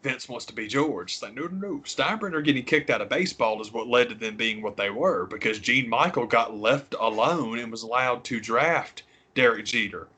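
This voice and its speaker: Guy cohosting a podcast, bright tense tone, loose and chatty, swears a lot. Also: moderate pace, breathy edge. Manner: animated, swears freely, mimics others in high squawky voices. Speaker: podcast co-host. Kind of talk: casual chat.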